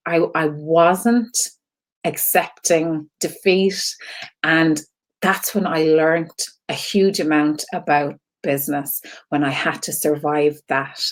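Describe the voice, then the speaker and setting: Irish woman, online show host, fairly low voice, candid, rambling, lots of fillers. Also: darkish tone. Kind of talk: casual heartfelt storytelling to viewers.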